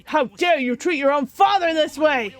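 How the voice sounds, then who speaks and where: A woman's voice: high voice, normal speed, lightly acted. A woman voicing a cruel, jealous middle-aged male scientist father while reading a visual novel aloud, in a bitter, contemptuous rant. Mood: scornful.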